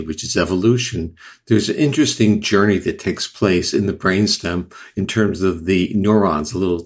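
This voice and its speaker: An older man with a lowish voice explains science on an interview show. His delivery is measured and lecturing. He often backs up and restarts a phrase to correct himself. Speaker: neuroscientist guest.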